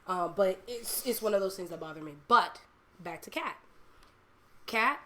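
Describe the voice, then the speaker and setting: A woman talking casually and candidly as a live streamer, telling animated personal stories and laughing often. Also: mid-range voice, normal speed. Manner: candid and confiding.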